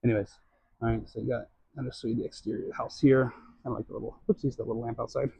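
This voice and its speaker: A man films a walkthrough of a new house, holding the camera himself as he moves from room to room. He talks in a relaxed, chatty way, full of fillers and little self-corrections. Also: medium pitch, racing, creaky, muffled recording. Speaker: real estate vlogger. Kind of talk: casual home tour walkthrough. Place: inside a new house, walking through rooms. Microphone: handheld camera mic.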